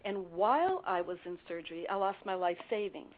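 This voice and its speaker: A woman's voice: on the low side, lively intonation, brisk. An older woman guest telling her life story earnestly in a radio interview. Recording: phone-like narrow sound.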